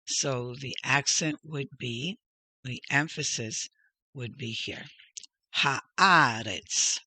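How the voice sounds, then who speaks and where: A man's voice: medium pitch, slow pace, pushed and bright, breathy edge, dry recording. A man teaching a reading lesson, patiently sounding out each syllable and pointing things out step by step. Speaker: Hebrew teacher. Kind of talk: slow spoken lesson.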